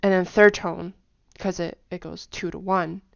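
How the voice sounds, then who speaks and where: A woman casually explaining tone patterns in a lesson, talking in a chatty way with lots of fillers and humming or singing syllables to show pitch. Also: fairly even intonation, measured pace, gravelly, no echo, dull audio. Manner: chatty, many fillers, hums and sings tone patterns. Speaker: language teacher.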